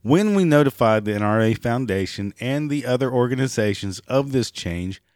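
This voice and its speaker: A hoarse man with a raspy voice, giving sarcastic, profane commentary and mocking the people he talks about. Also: medium pitch, animated, moderate pace, darkish tone, no echo, studio quality. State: hoarse, clearing throat and coughing. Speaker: commentary vlogger. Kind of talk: ranting commentary.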